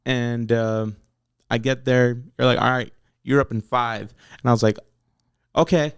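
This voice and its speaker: A man's voice: mid-range voice, flat delivery, a little slow, clear, resonant tone, dry recording, studio quality. A man talking bluntly and swearing a lot as he tells a story in a casual interview. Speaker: battle rapper guest.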